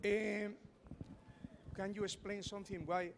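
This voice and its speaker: A man's voice: high-pitched, flat delivery, measured pace, vocal fry. A man presenting at a seminar, talking earnestly with non-native phrasing and a lot of repetition, to an audience in a large hall. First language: not English. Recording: echoey hall with background noise.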